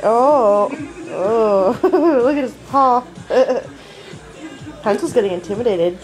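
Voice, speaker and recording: A woman's voice: on the high side, expressive, slow, a little mellow, faint music behind, poor audio. A young woman chatting casually at home while filming her pets on a handheld camera, giggling often and swearing offhandedly. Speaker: person filming her cats. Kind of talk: casual home video chat. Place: at home indoors.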